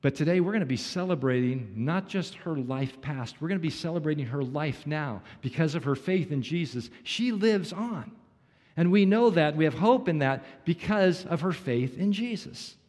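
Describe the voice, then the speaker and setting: A man's voice: a little high, animated, normal speed, darkish tone. A man pastor giving an earnest, emphatic sermon to his congregation, asking rhetorical questions as he preaches. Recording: long reverb in a large hall.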